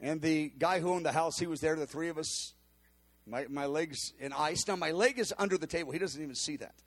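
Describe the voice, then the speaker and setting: A man telling a personal testimony in an animated storytelling manner, acting out the quotes with cries and laughs. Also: on the high side, fairly quick.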